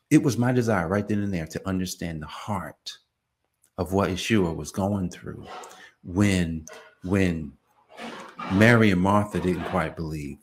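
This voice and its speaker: Animated man preaching casually. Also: lowish voice, normal speed. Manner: animated, acts out biblical dialogue in character voices; conversational, many fillers like "you know" and "man". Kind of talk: informal sermon.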